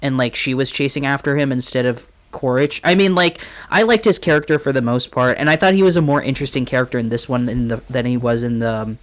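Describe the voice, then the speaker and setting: A young man co-hosting a podcast, chatting casually about films in an animated way, full of fillers and swearing. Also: mid-range voice, fast talker, hardly any pauses. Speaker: podcast co-host. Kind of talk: casual film review chat.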